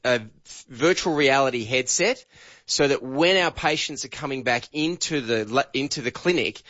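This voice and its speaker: A man's voice: medium pitch, normal speed, a bit bright, no echo, muffled recording. A man hosting a talk radio show, chatty and telling stories animatedly. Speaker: radio host. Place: radio studio.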